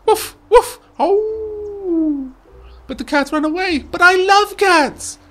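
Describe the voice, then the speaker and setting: A man voicing an excitable little dog in a game, squeaky and childlike, barking between lines. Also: slow pace, exaggerated voice. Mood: playful. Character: excitable little dog who loves cats.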